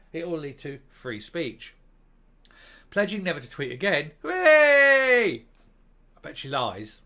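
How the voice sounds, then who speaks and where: A man's voice: mid-range voice, a bit bright. A man delivering a scornful, sarcastic commentary monologue as a vlog host. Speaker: commentary vlogger.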